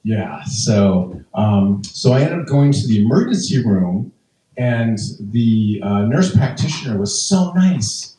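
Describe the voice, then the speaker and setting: A man's voice: lowish voice, very animated, slow, mellow. A man in his fifties telling stand-up stories in a chatty, rambling way, full of fillers and restarts. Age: 50s. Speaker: stand-up comedian. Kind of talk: stand-up storytelling. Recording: echoey room, voice from a distance.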